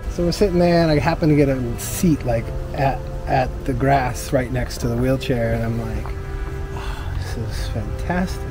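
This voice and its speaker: Man, medium pitch, casual amused storyteller. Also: steady tone, moderate pace, few pauses, over music. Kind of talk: anecdotal storytelling.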